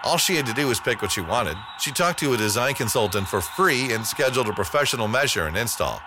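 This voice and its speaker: A man's voice: mid-range voice, expressive, quick pace, close to an everyday voice. Guy doing an upbeat homeowner in a radio ad, bouncy, noisy ambience behind. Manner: breezy, upbeat. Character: proud male homeowner chatting with friend. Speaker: ad actor. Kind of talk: scripted radio ad dialogue.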